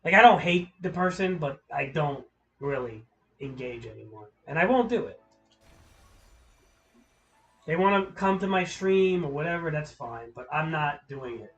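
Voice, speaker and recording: Male streamer, slightly high voice, swears freely, heated rambling rant, faint music underneath. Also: animated, moderate pace, pauses often, muffled recording. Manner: profane, heated, opinionated; rambling with restarts. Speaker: livestreamer. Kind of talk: live-stream ranting to chat.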